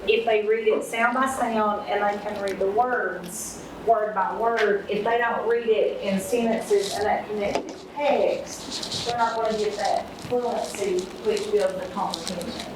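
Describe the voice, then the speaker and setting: A woman's voice: medium pitch, fairly even intonation, a little slow, heavy reverb. Woman teacher, emphatic; distant mic, noisy background. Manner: emphatic, builds on a colleague's point. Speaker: teacher at a training session. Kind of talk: teacher training talk.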